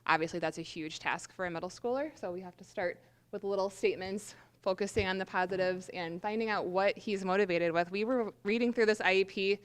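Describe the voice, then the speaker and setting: A woman teacher presenting her group's plan to a workshop, earnest with frequent pauses. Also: mid-range voice, clear, resonant tone.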